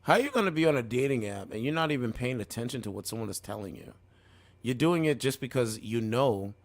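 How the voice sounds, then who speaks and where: A man's voice: medium pitch, expressive, fast talker. Rambling casual male streamer. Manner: loose and rambling, says "man" and "bro" a lot. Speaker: streamer reacting to clips. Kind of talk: casual commentary.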